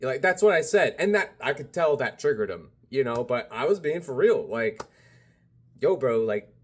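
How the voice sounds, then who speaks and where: A man's voice: mid-range voice, very animated, normal speed. A man vlogging in a casual, rambling monologue, full of "you know", "like" and "bro". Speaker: spiritual vlogger.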